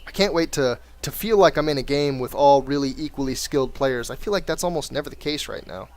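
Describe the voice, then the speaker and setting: A man's voice: medium pitch, brisk, a little mellow. A man giving wry, chatty play-by-play commentary on a game replay from his computer at home. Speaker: game caster.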